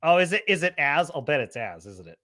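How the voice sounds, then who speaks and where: A man hosting a casual livestream, rambling and excitable, quick to laugh. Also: a little high. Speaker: show host.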